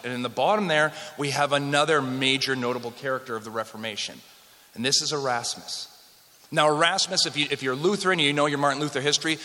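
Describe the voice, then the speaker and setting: A Western Canadian man with a medium-pitched, sharp voice delivers a conversational history lecture to a live audience, cracking jokes with the room along the way. The recording carries a long hall reverb.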